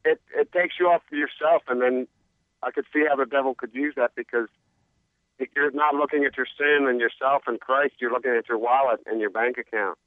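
A man's voice: medium pitch, steady tone, fairly quick, no room sound. A man calling in to a radio show, speaking sincerely and hesitantly. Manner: hesitant, sincere, lots of ums. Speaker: caller. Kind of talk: call-in phone conversation. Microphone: telephone. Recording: tinny phone line.

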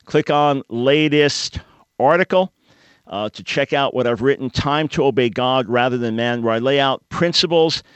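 A man's voice: mid-range voice, moderate pace, smooth, dry recording, lo-fi sound. Emphatic male radio host, dry studio sound. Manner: didactic, emphatic, explains with everyday analogies. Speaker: radio talk show host. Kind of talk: call-in talk radio monologue.

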